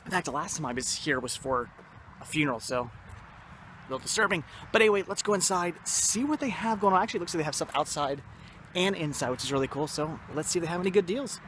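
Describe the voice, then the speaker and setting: A man's voice: on the high side, expressive, fast talker, a bit bright, a little hiss or hum. A young man hosting a casual vlog outdoors at a yard sale, enthusiastic and rambling, often correcting himself. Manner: enthusiastic, repeats "very cool" and "awesome". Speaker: vlog host.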